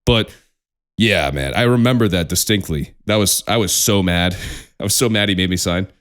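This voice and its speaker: A young man co-hosting a podcast in casual chat, animated and profane, laughing often. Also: sits low, normal speed. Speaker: podcast co-host.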